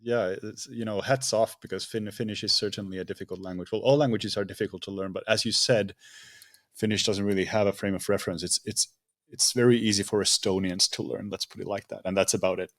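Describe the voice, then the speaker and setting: A man's voice: fairly low pitch, steady tone, fast talker, a bit bright. A man in his thirties, a podcast co-host, talking in an easygoing casual chat and explaining things at length.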